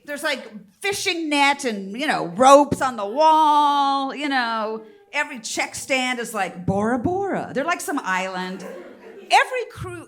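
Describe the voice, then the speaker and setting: A woman's voice: high-pitched, lively intonation, unhurried, fairly bright tone. A woman in her fifties doing a stand-up comedy set on a theater stage, brassy and bawdy as she teases the crowd. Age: 50s.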